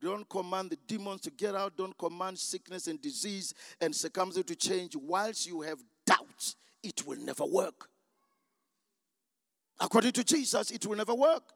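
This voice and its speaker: A man preaching a sermon, emphatic and shouting, calling for the congregation's responses in a church. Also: sits high, moderate pace, gravelly, no room sound, clean studio sound, long reverb tail.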